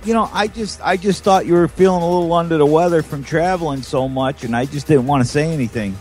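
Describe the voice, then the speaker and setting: A man co-hosting a live podcast in a studio, making dry, teasing jokes in a deadpan way. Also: fairly high pitch, fast, soft background music. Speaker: co-host. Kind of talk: casual live show banter.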